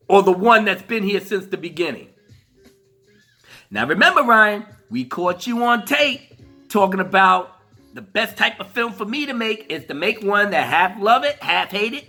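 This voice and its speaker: A man's voice: high voice, very animated, a little slow, pushed and bright, soft background music. A man giving a heated, profane ranting commentary, laughing through his rant. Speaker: commentary vlogger.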